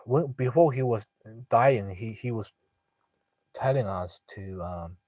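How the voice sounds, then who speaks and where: A young man, telling a family story in casual talk with many pauses, fillers and restarts. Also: on the low side, a little mellow, no echo, rough recording. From northeast China. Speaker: guest sharing a personal story.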